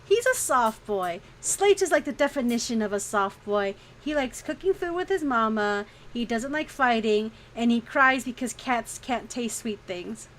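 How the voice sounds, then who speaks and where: A woman with a fairly high voice chats on a drawing stream. She is frank and laughs often, and she swears without a second thought. There is a faint hiss under her talk. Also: expressive, normal speed, few pauses, fairly bright tone. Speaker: streaming artist. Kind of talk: casual chat during a drawing stream.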